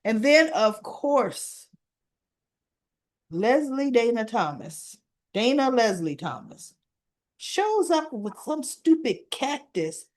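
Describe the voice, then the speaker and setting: A woman's voice: a little high, sing-song, takes it slowly. A woman recapping a soap opera episode in a casual, chatty way, retelling scenes and adding her own asides.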